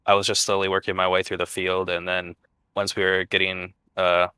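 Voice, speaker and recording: Casting: male racing driver, low monotone, bright and dry, halting post-race answers. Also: smooth, no room sound. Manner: low-key, halting with frequent fillers.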